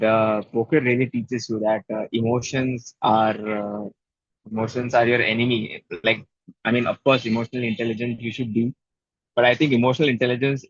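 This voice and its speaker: A man's voice: medium pitch, slightly rough, no room sound, muffled recording. A man giving a reflective, wry talk at an online club meeting, often correcting himself as he goes. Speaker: club speaker.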